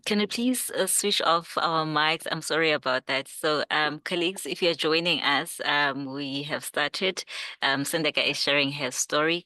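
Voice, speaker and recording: A woman's voice: low voice, sharp tone, no room sound. A woman moderating an online meeting, politely asking everyone to mute. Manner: polite, apologetic. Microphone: video call.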